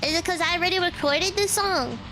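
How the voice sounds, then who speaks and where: A woman's voice: very high-pitched, fairly quick, over music. A woman streaming a story game, reading the lines aloud and breaking off into exasperated comments.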